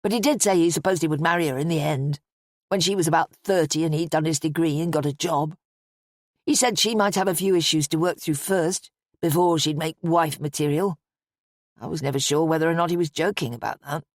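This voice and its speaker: A woman's voice: sits low, brisk, no room sound, studio quality, lightly acted. Woman doing an offhand young guy. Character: young adult man, awkward and incurious.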